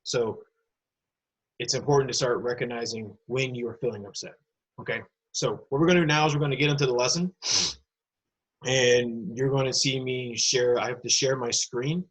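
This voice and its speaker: A man with a slightly husky voice teaches a recorded lesson for students. His pitch sits in the middle for a man. He explains step by step and speaks straight to the kids into a computer mic. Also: steady tone, moderate pace, low-quality recording. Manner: patient, explanatory, addresses kids directly.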